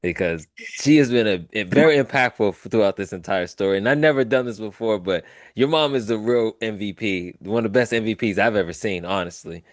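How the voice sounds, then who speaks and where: Male podcast host, lowish voice, easygoing and encouraging. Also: a little fast, no echo, clean studio sound. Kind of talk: casual interview.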